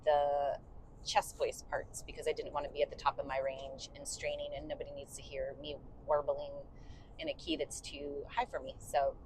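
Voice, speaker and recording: Woman co-host, low voice, chatty and loose, car conversation. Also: normal speed, a little mellow, slight background noise, rough recording. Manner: chatty, many fillers, sings short demo bits. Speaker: podcast co-host and bandleader singer. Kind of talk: casual chat. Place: inside a moving car.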